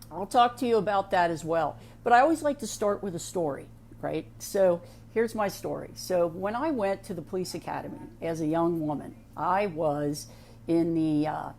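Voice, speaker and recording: Middle-aged Ohio woman, lowish voice, chatty. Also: darkish tone. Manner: conversational, frequent "you know" asides and restarts. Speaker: sheriff's office veteran speaking on a program. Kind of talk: casual monologue with a personal story.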